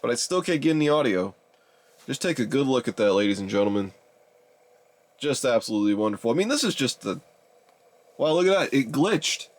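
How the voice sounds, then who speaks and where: A young man in his twenties talks his viewers through a gadget test in loose, rambling commentary. He sounds exasperated and keeps calling his audience "ladies and gentlemen." His voice sits at an ordinary middle pitch for a man. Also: sing-song, brisk, pauses often. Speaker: YouTuber reviewing a DVD player. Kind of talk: casual rambling video commentary.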